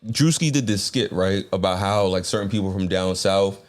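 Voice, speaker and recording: A man's voice: low voice, moderate pace. A man co-hosting a podcast in loose, slangy, joking chat. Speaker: podcast co-host. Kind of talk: casual chat.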